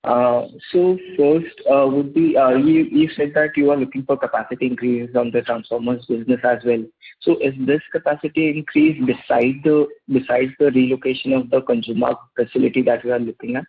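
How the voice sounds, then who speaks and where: A man's voice: medium pitch, fairly even intonation, fairly quick, breathy edge. A man with an Indian English accent, politely asking an analyst's questions on an earnings call. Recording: tinny phone line.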